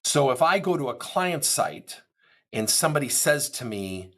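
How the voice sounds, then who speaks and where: Husky, lively male corporate speaker. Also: medium pitch, normal speed. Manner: animated, acts out quoted dialogue. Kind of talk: motivational talk.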